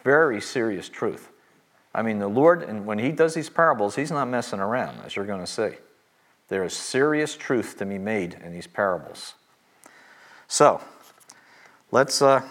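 Casting: middle-aged male Bible teacher, emphatic, repeats key lines slowly. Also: on the low side, lively intonation, fairly bright tone.

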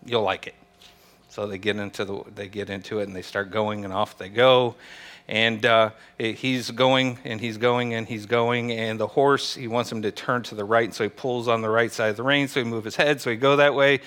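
A man preaching to a small church gathering, chatty and joking and quick to laugh. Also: medium pitch, level tone, fairly bright tone. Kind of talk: casual joke-telling and church teaching.

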